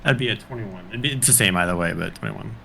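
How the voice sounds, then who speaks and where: Man player, gravelly voice, eager and repetitive, slight hiss. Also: fairly low pitch, fast. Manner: eager, repeats words when excited. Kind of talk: casual tabletop game play.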